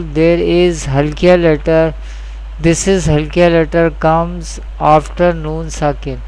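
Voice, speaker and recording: A man teaching Quran reading rules in a slow, deliberate lesson, repeating each key point and speaking English with a South Asian accent. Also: a little high, smooth, low-quality recording. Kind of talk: slow scripted lesson narration.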